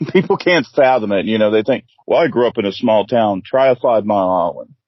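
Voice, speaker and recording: A man's voice: fairly low pitch, expressive, a little fast, no room sound, lo-fi sound. A man hosting a casual interview podcast, rambling and swearing, peppering his talk with "man". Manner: rambling, profane, keeps saying "man". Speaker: podcast host.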